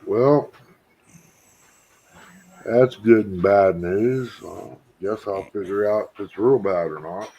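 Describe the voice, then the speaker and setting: A man's voice: on the low side, takes it slowly, long pauses, warm tone, slightly rough, dull audio. An older man in casual chat, laid-back and plainspoken with a wry edge.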